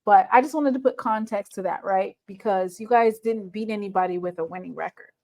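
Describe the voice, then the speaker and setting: A woman's voice: medium pitch, brisk, a little mellow. A woman hosting a sports talk show, laying out a team's record and pressing a guest with pointed questions. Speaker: host.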